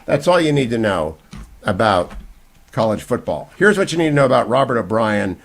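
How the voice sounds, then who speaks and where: A man hosting a talk radio show, delivering an opinionated monologue with emphatic bursts and quieter asides. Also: very animated, normal speed. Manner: emphatic, swinging from loud bursts to low asides.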